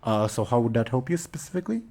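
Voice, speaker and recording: A man running a tabletop role-playing game as game master, talking in a relaxed way with hesitant fillers. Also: mid-range voice, quick pace.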